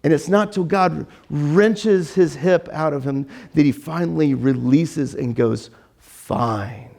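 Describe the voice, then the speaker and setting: A man's voice: fairly high pitch, a little slow, gravelly, a little mellow. A man preaching a casual sermon as pastor, chatty and joking, with frequent restarts and fillers. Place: church.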